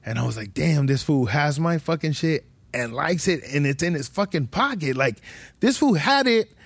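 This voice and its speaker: A man's voice: on the high side, expressive, moderate pace, vocal fry, slightly rough, no echo. A young man telling a long story on his podcast, swearing constantly and rambling. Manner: heavy swearing, slangy, rambling. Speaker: podcast host. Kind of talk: casual storytelling.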